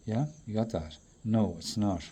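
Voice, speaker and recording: A man with a low, husky voice rambles through a stream-of-consciousness monologue, swearing freely. He jumps from loud bursts to quiet mutters, talking straight to whoever is watching. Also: measured pace.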